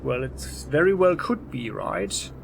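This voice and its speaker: A man's voice: medium pitch, sing-song, measured pace, vocal fry, a little hiss or hum. A man hosting a let's play, giving casual gameplay commentary with jokey, rambling asides. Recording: faint game music behind.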